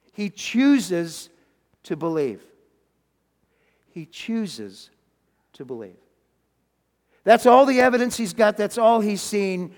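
A man preaching a sermon, telling a story with animated swings and dropping almost to a whisper for emphasis, with a chuckle and some restarts. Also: high voice. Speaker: pastor. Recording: long hall reverb.

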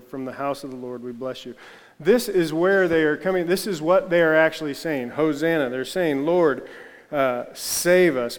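A man preaching a conversational sermon to his congregation, halting often with restarts and fillers. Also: a little high, big-room sound. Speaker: pastor.

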